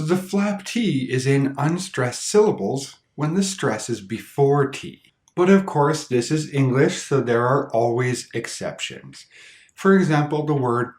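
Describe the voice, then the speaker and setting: A man teaching a pronunciation lesson at a slow, deliberate pace. His pitch moves a lot as he repeats example words and models each sound with care. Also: very animated, darkish tone. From Canada. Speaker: English teacher.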